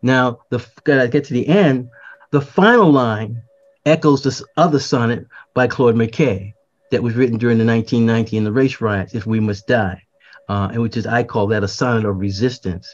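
A man's voice: medium pitch, normal speed, dull audio. An older man, a poet, talking about his poem in a reflective, conversational way, often repeating words and restarting phrases. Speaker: poet, podcast guest. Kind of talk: conversational explanation.

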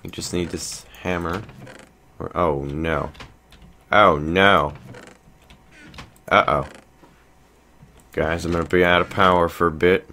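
A young man with a very low voice narrates his gameplay in a loose, rambling way. He thinks aloud, trails off and restarts his sentences often. Keyboard typing can be heard behind him. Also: flat delivery, unhurried, pauses often, sharp tone, a little hiss or hum. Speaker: let's play host. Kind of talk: casual gameplay commentary.

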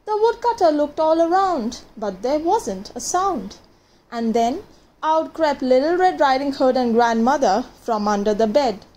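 A woman reading a children's fairy tale aloud, gentle and dramatic, with pauses for effect. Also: high-pitched, animated. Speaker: storyteller.

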